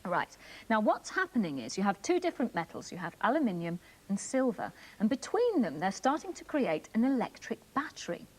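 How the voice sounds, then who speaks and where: Welsh female presenter, animated, clear step-by-step kids' TV demo voice. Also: medium pitch, a little fast, rough recording. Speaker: co-presenter demonstrating a science trick. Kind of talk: children's TV demonstration.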